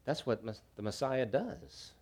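A man preaching a sermon, swinging from hushed low lines to loud shouts, with jokey asides. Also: animated, unhurried. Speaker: pastor.

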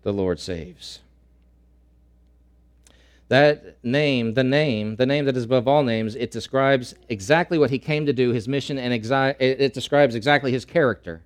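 A male pastor preaching a sermon, repeating key phrases and swinging between loud emphatic lines and slow, hushed ones. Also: mid-range voice.

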